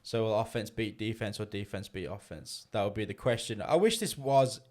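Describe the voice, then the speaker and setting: A man's voice: lowish voice, normal speed, darkish tone. An Australian man co-hosting a podcast, steering a laid-back basketball chat from one topic to the next. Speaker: podcast co-host. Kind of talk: casual sports chat.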